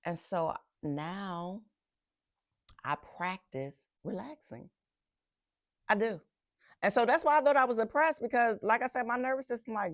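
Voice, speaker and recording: A middle-aged woman from Philadelphia hosting a podcast, reflecting on faith and rest with animated storytelling and emphatic repetitions. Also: a little high, moderate pace, no echo, clean studio sound. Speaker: podcast host.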